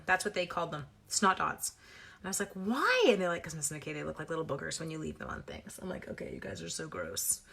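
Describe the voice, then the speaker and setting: A woman's voice: mid-range voice, sharp tone. A woman from Canada hosting a live papercraft demo, chatty and playful, greeting viewers by name and adding little sound effects. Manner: playful sound effects, self-mocking humor. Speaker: papercraft demonstrator hosting a livestream. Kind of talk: casual live crafting demo.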